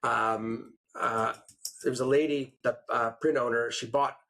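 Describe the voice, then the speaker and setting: Speaking a little slowly in a medium-pitched voice, this podcast host spins stories during casual chat. He's animated, bringing the quotes to life by acting them out.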